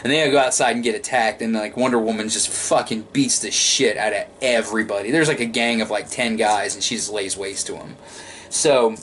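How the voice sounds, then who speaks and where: A man casually reviewing an animated film, rambling and swearing, with frequent restarts. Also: lowish voice, brisk, a little hiss or hum.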